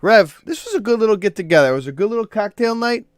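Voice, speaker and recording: Chatty co-host, fairly high male voice, very lively pitch. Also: fast talker, no echo, studio quality. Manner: friendly, joke-telling. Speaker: podcast co-host. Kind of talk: casual comedy podcast chat.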